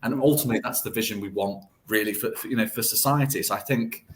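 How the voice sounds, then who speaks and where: A man's voice: on the low side, quick pace, a little hiss or hum. A man answering as a podcast guest, earnest and reflective, often restarting phrases and filling them with "sort of". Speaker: guest, deputy editor of a football site.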